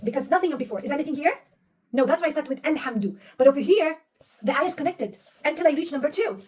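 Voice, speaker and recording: A woman's voice: high voice, animated, fast talker, darkish tone, far from the mic. A woman teaching a young pupil to read Arabic, patiently quizzing her and praising right answers. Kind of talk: one-on-one reading lesson.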